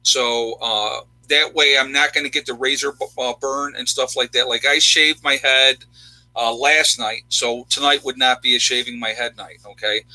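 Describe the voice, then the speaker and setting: A man's voice: mid-range voice, pushed and bright, no room sound, poor audio. A man hosting a livestream, answering chat questions in a rambling, self-interrupting, casual way.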